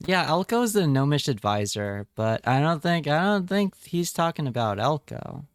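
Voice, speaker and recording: A man's voice: a little high, very animated, normal speed, clear, resonant tone, no room sound, studio quality. A man chatting casually on a live stream, reading chat aloud and joking around. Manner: playful, jokey, reads chat aloud.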